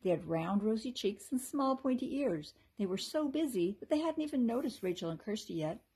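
Woman teacher, storybook read-aloud, very husky, mellow, lively pitch. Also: fairly quick. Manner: expressive, animated reading.

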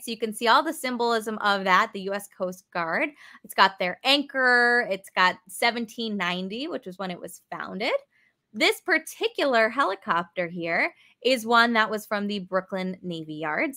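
A woman's voice: mid-range voice, sharp tone. A young woman leading a live virtual museum tour, chatty and upbeat, answering viewer comments as she goes. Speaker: museum educator. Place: aircraft museum hangar.

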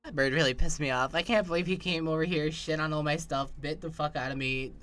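A young woman streamer, voice training toward a softer higher voice, chatting casually with her chat, swearing and laughing often, her throat a little phlegmy. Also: fairly even intonation. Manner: profane, joking, quick to laugh. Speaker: livestreamer.

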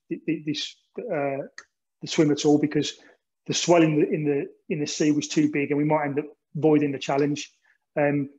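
A man's voice: on the high side, a little mellow. A man from England giving an informal talk about an endurance relay, rambling with many restarts and ums. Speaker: speaker recounting an endurance relay. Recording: dull lo-fi recording.

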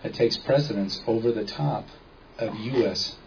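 A man's voice: on the low side, moderate pace, vocal fry, lo-fi sound, background noise. A man giving an informal talk to a small audience, often checking in with listeners as he explains. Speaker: seminar speaker.

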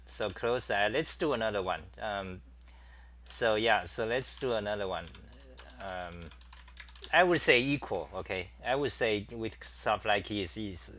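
A man's voice: lowish voice, fairly bright tone. A middle-aged man hosting a casual live-stream chat, rambling and thinking aloud with many fillers while he types at his desk. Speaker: talk show host.

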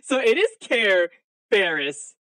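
Lively woman streamer faking annoyance. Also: slow, no room sound. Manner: playful, feigning annoyance in a low sulky voice. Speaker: scambaiter streamer. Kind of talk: casual live-stream phone call.

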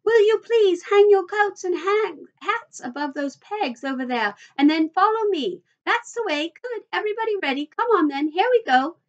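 A woman's voice: high voice, expressive, normal speed, muffled recording, pitched above the performer's own voice. A woman voicing an eccentric grown man who runs a factory, coaxing and theatrical, in a storybook reading. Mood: rallying.

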